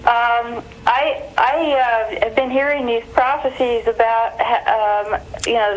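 A woman's voice: a little high, lo-fi sound. A woman from California calling in to a show, hesitant, with many ums and restarts. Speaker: caller. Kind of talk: phone-in question.

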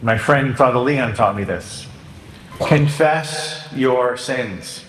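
A man, a Catholic priest, giving a humorous homily in a joking, animated way, now and then acting out penitents' voices. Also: mid-range voice, takes it slowly, background noise. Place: church. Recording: echoey church hall.

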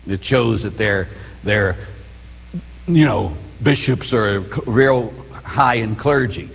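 A man's voice: on the low side, slow, creaky, breathy edge. A man, a priest, giving a conversational teaching sermon in a church and often asking whether the listeners follow. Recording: long reverb in a large room.

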